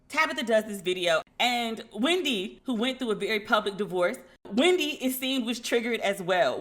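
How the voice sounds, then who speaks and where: A woman hosting a podcast in a casual, animated way, acting out dialogue and talking frankly with profanity. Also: mid-range voice. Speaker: podcast host. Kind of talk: casual commentary.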